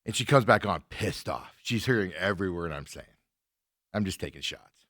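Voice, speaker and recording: A man's voice: low-pitched, moderate pace, no room sound, studio quality. A man hosting a talk show, telling a story in casual chat and acting out his own side of a phone argument with an indignant edge. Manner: animated, indignant retelling with quoted exchanges.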